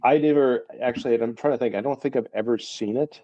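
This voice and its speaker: A man's voice: mid-range voice, quick pace, warm tone, no echo, dull audio. A man chatting casually on a podcast, thoughtful and a little rambling. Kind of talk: casual chat.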